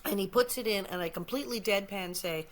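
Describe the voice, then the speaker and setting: A middle-aged woman co-hosting a podcast in casual chat, animated and laughing often as she tells stories. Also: mid-range voice, brisk. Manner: animated, laughs often, acts out quoted lines. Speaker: podcast co-host, former cast member.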